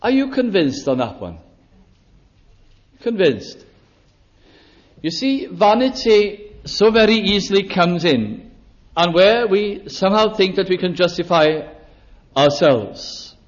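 A man preaching a sermon in a chapel, deliberate, slowing down to stress key phrases. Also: sits high, lively intonation. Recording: dull lo-fi sermon recording.

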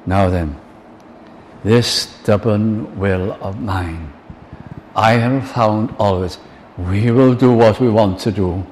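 An older man preaches a sermon in a low voice, earnest and unhurried. He quotes hymn lines and acts out small scenes between people. His voice rings with the long reverb of a large hall over faint background ambience. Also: a little mellow, a little hiss or hum.

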